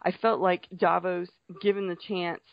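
Gravelly low woman, tipsy and hesitant. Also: level tone, moderate pace, no room sound. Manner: hesitant, full of fillers and restarts. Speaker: podcast co-host. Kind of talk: casual TV recap chat. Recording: dull lo-fi sound, dry room.

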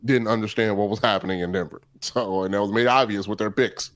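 A man co-hosting a sports podcast, talking quickly and rambling, with many fillers. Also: on the low side, steady tone, a bit bright, no room sound. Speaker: podcast co-host. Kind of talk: casual sports chat.

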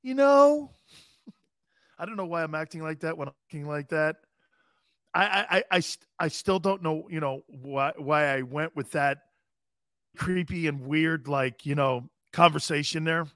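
A man hosting a sports talk radio show, telling rambling, animated stories with sudden loud bursts. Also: fairly high pitch, measured pace, dry recording, clean studio sound.

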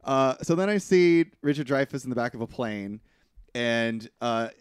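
Animated sarcastic man with lively pitch. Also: normal speed, clear, resonant tone, dry recording, studio quality. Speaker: podcast co-host. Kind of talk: casual movie recap chat.

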